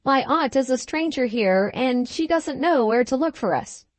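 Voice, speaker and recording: A woman's voice: sits high, expressive, normal speed, no echo, voice pushed up. A woman reading the part of a grave, polite young woman in an audiobook, in a reserved, proper manner.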